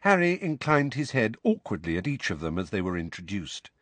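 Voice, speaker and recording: Casting: male audiobook narrator, low husky voice, lively delivery. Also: fairly quick, no room sound. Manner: expressive storytelling. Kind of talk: scripted narration.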